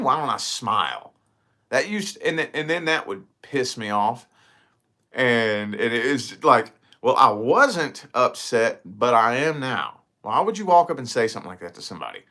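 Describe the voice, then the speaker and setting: Man, casual vlog chat, lively swooping pitch, bright tone, rambling and cussing. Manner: rambling, profane, animated storytelling. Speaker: vlogger.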